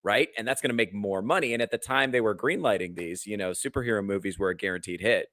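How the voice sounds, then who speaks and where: A man with a lowish voice chats on a podcast, working through his points in a measured, analytical way. The sound is dry and close, with no room around it. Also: fairly bright tone, dry recording. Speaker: podcast co-host. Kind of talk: casual podcast chat.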